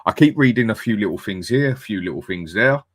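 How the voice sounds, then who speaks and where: A man talks casually and bluntly on a live stream, shouting out viewers as he goes. His voice sits fairly low. The sound is dry and close to the mic. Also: animated, fairly quick, no echo. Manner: blunt, chatty, reads out viewer comments. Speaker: fan channel host.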